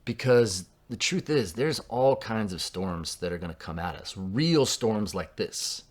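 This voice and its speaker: Pastor, male, lowish voice, laid-back conversational sermon. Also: lively intonation, a little slow. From Southern California. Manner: conversational preaching, drops to a hush for quoted lines.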